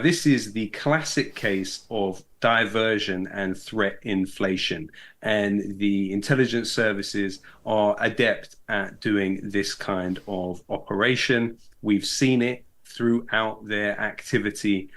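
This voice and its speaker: A man speaking as a guest in an interview, giving political analysis in a measured, articulate way with frequent ums and uhs. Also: fairly low pitch, a bit bright. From Britain. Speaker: guest, hip-hop artist and podcast host.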